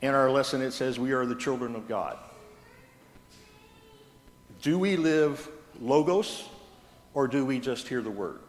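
A pastor delivers a Sunday sermon, telling stories with a light touch of humor. His voice sits at an ordinary middle pitch. It carries through a roomy church hall with a long reverb tail. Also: unhurried, long pauses, faint music behind. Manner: storytelling with gentle humor. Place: church sanctuary. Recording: echoey church hall from a distance.

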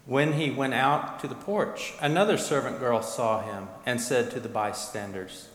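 A man reads the narration of a scripture passage at a steady, solemn pace. His voice sits at an ordinary pitch and carries through a large, echoing church with a long reverb tail. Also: normal speed. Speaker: narrator of a dramatized scripture reading. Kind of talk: liturgical reading. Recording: echoey hall, long reverb.

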